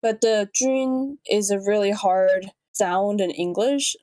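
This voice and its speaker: A woman's voice: mid-range voice, takes it slowly, dark tone, no echo. A young woman hosting a comedic reaction video, joking sarcastically and correcting how names are pronounced. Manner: playful, sarcastic, corrects pronunciations. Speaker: reaction channel host.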